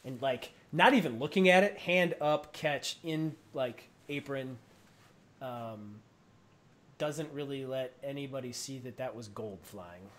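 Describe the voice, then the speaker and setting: A man running a tabletop game as game master, narrating casually and filling pauses with "like". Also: medium pitch. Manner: casual, filler-heavy with frequent "like".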